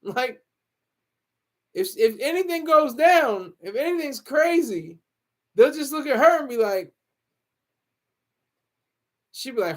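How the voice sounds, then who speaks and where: A man with a high voice hosts a loose, joking livestream from home. He laughs often and answers viewer comments as they come in. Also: animated, unhurried, pauses often, fairly bright tone. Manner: joking, laughs often, reads chat aloud. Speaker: livestream host.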